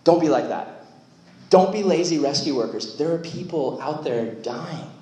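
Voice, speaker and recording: Animated young male youth preacher. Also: a little high, moderate pace, background noise. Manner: animated, filler-heavy talk with lots of "like". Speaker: youth pastor. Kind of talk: youth sermon. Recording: roomy echo.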